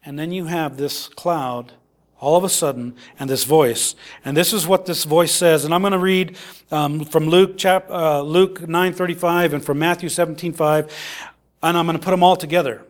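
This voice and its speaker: A middle-aged man delivering a sermon with a notably high-pitched voice. He talks conversationally and often doubles up his words. He acts out the quoted lines as he reads them. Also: fairly even intonation, normal speed. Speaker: preacher.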